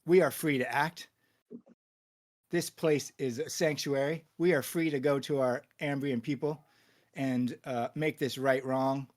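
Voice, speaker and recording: A man voicing a zealous male Templar warrior who declares his words loudly and fiercely. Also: medium pitch, fairly even intonation, a little slow, natural voice. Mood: defiant.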